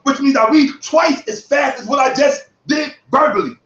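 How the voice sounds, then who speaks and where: A man giving heated commentary on other online creators, boastful and profane, sometimes shouting. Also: very high-pitched, normal speed. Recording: echoey room, distant from mic, dull audio.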